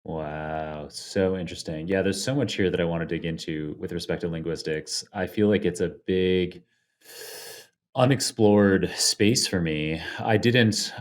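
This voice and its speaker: Male podcast host, very deep voice, relaxed casual chat. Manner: short reactions, easygoing.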